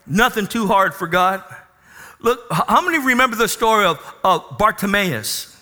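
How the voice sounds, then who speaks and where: Lively, bright-voiced male preacher. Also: high voice, normal speed, long reverb tail. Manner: preaching with call-and-response, acting out Bible figures. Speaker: pastor. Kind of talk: sermon. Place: church.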